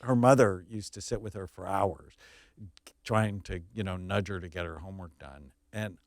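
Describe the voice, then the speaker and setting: A man's voice: sits low, normal speed, dry recording, studio quality. A man, a child psychiatrist, explaining earnestly and emphatically as a guest in a podcast interview.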